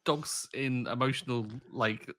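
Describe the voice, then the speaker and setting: A man's voice: medium pitch, steady tone, measured pace, fairly bright tone. A man co-hosting a casual podcast in an easygoing way, laughing often. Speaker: podcast co-host. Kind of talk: casual chat.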